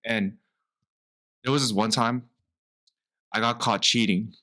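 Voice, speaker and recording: A man's voice: lowish voice, slow pace. Young man telling stories animatedly. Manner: animated storytelling, acts out quoted parents. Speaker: podcast co-host. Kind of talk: casual chat.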